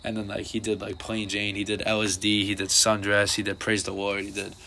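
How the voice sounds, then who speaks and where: Bright-voiced young man rambling casually. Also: lowish voice, monotone, fairly quick, a little hiss or hum. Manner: rambling, lots of "like" and swearing. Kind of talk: casual chat.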